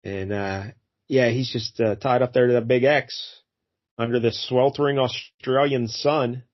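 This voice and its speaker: A man's voice: mid-range voice, fairly even intonation, measured pace, muffled recording. A man hosting a casual comic book review, talking in a rambling way with many fillers and restarts. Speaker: podcast host.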